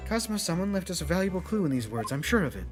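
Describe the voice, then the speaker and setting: A man's voice: sits high, sing-song, rapid-fire, over music. Man voicing a polite earnest young woman. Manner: formal, courteous speech.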